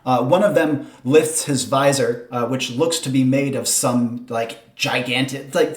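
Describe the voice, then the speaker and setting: A man's voice: medium pitch, measured pace, few pauses. A man running a tabletop game as game master, describing scenes with many fillers as he searches for words. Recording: roomy echo.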